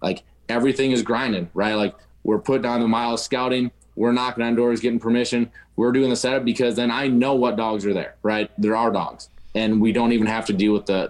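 A man talking casually as a dog-training guest on a podcast, rambling and often tagging "right?" and "you know" onto his sentences. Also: mid-range voice.

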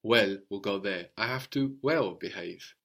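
A man's voice: lowish voice, a little slow, vocal fry, a bit bright. A man teaching a language lesson, patiently explaining word roots and prompting his student with questions.

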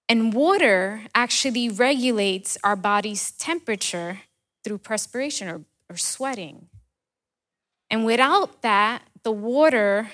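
A woman with a somewhat high voice preaches a sermon. She asks the listener rhetorical questions and leans on repetition to stress her points. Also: fairly bright tone.

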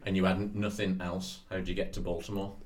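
A man's voice: sits low, level tone, fast talker. A man swearing and riffing on jokes in casual chat.

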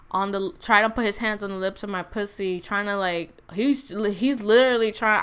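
Young woman, mid pitch, casual storytime, slangy and blunt, lots of fillers. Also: a bit bright, clear, resonant tone.

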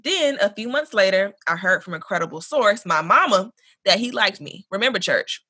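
Bright husky woman podcaster, aave, reading a fan email, lively and cussing, dry sound. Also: medium pitch, normal speed, no room sound. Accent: African American English. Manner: animated, profane, laughs often. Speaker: podcast co-host. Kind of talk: casual podcast chat, reading a listener email aloud.

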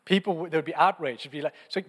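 A young man preaching a sermon, telling stories in a lively, conversational, fervent way. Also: a little high, racing, husky. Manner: animated storytelling, conversational and fervent. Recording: long hall reverb.

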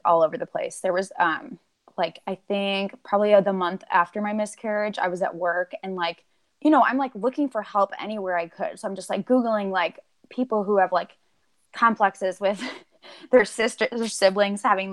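A woman guest on a podcast, talking casually and at length with many "like"s and "um"s, acting out her own remembered lines. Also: medium pitch. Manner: rambling, lots of "like" and "um", acts out her own quotes. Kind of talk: casual chat.

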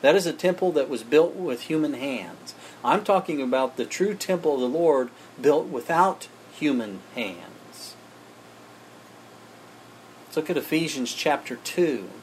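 A man preaching with emphatic conviction, often turning to his listeners as friends. His voice sits a little high for a man. A faint hiss runs under the recording. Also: animated, measured pace. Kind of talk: sermon.

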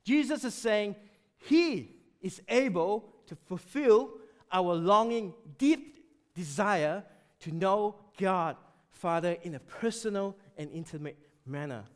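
A man preaching a sermon, emphatic and animated, often dropping suddenly to a quiet voice. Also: sits high, slow pace.

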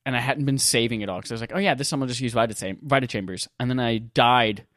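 A man co-hosting a casual gaming podcast, animated and profane as he tells stories. His voice sits at an ordinary pitch. It is recorded close and dry, with no room sound. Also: fast talker, no room sound. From North Carolina, US. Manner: joking, profane, animated storytelling. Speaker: podcast co-host.

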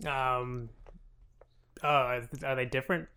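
Brief: young male podcast co-host, bright, edgy tone, quick to laugh and react in disbelief. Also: mid-range voice. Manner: animated and incredulous, with lots of giggling reactions. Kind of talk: casual chat.

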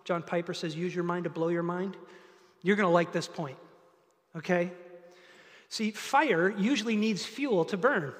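A man preaching from the pulpit, his high-pitched voice climbing into loud, emphatic runs before falling back to quiet asides. Long reverb from a big church hall trails after each phrase. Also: measured pace, long pauses. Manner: animated, building to loud emphatic peaks. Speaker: pastor. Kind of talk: sermon.

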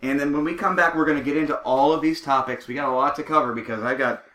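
A man's voice: fairly high pitch, steady tone, fast talker, pushed and bright, reverberant. A man hosting a comedic podcast, rambling and joking with lots of restarts. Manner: rambling, jokey, restarts a lot. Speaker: podcast host.

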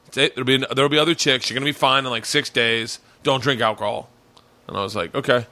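A man with a gravelly, bright voice tells a story in a casual podcast chat. He gets animated and acts out the other people in the story, then drops back into easy talk. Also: mid-range voice, fast talker, no room sound. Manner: animated storyteller acting out quotes. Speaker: podcast host. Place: home basement man cave.

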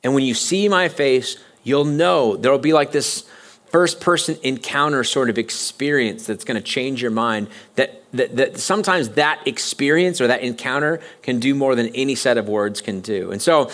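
A man's voice: mid-range voice, a bit bright. A man preaching a sermon as pastor, talking conversationally and often stopping to restart his sentences. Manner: conversational, halting with frequent restarts. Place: church sanctuary.

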